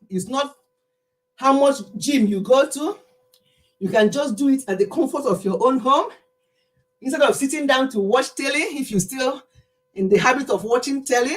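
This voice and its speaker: A woman hosting a casual home livestream, chatting to viewers by name and laughing often, a little out of breath from exercising. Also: a little high. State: slightly out of breath. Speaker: livestream host. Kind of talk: casual livestream chat with singing.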